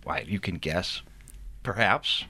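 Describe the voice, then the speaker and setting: A man's voice: low-pitched, slow, breathy edge. A man, an author, chatting playfully in an interview and reading his book aloud. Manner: playful, animated.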